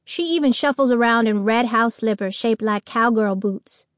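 Woman, children's audiobook narrator, first person, lively storytelling, high voice, dry close sound. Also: normal speed, dry recording.

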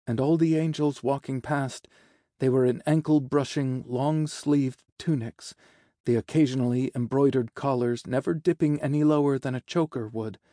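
Male narrator, mellow tone, dry close sound, measured storytelling. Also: mid-range voice, fairly even intonation, no echo. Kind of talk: audiobook narration.

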